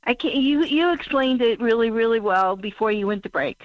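A woman's voice: on the high side, expressive, no echo. Emotional older woman caller on a phone line. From Missouri, US. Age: 60s. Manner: halting, emotional, searching for words. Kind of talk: call-in talk show caller. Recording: muffled phone call.

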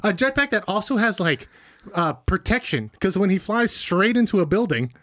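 A man chats casually on a podcast, tossing out jokes and wild movie theories. His voice sits a bit high and sounds dry and close. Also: lively intonation, normal speed, fairly bright tone, dry recording. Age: adult son of a grandmother. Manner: joking, theorizing, hums movie music. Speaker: podcast co-host.

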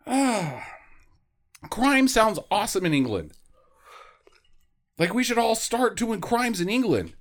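Man, high voice, very lively pitch, animated, joking podcast banter. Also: slow, long pauses. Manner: animated, joking, slips into silly quoted voices. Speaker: podcast co-host. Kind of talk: casual movie-review banter.

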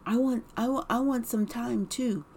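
A woman's voice: on the high side, normal speed, a little mellow, slight background noise, voice pushed up, close to an everyday voice. A woman voicing her husband as a needy grown man who pleads like a small child, repeating himself. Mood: whiny pleading.

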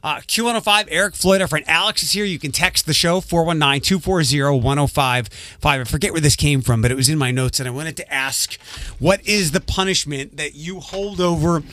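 A man hosting a morning radio show, chatting with co-hosts and reading station promos in a brisk, upbeat way. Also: a little high, bright, forceful tone, no room sound. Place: radio studio. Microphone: studio microphone.

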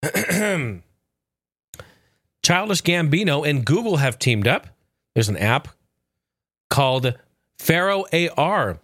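A man's voice: fairly high pitch, very animated, measured pace, pauses often, a bit bright, no room sound, clean studio sound. A man hosting a podcast in casual chat, rambling loosely, swearing freely and chuckling often. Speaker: podcast host.

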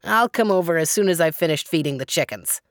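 A woman's voice: on the low side, expressive, a little fast, no echo, clean studio sound, close to an everyday voice. A woman voicing a skeptical male farmer neighbor who questions what he hears.

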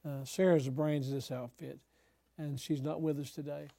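An older man, a pastor, teaching other preachers in an emphatic style that breaks into sudden loud exhortations. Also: a little high, fairly even intonation, moderate pace, creaky, dry recording.

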